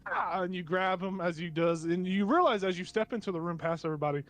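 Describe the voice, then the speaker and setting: A man's voice: high voice, fast, a bit bright. A man narrating a tabletop game as game master, often chuckling and restarting as he goes.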